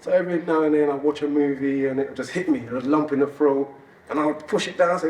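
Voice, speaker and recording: A man sharing a personal story on stage at an event, animated and laughing as he talks. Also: a little high, quick pace. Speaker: event speaker. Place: event hall. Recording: roomy hall audio from a distance, audience noise.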